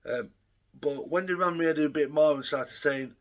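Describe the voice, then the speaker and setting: A man's voice: fairly high pitch, normal speed. A young man telling a rambling, profane story in a casual vlog, full of ums and uhs. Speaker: vlogger.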